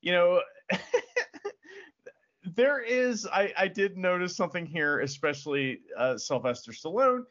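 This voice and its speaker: Lively, bright-voiced man gushing about films. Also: sits high, a little slow, long pauses, highs cut off. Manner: excitable, profane, laughs often. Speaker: podcast co-host. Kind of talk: casual film review chat.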